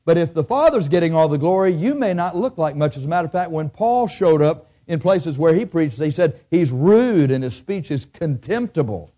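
A man's voice: a little high, lively intonation, normal speed, few pauses, warm tone. A man preaching a sermon in a church, speaking conversationally and asking his listeners frequent questions.

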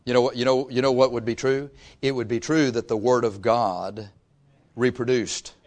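A pastor preaching to his congregation, swinging from loud rises to soft asides. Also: medium pitch, steady tone, moderate pace. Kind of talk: sermon. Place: church before a congregation.

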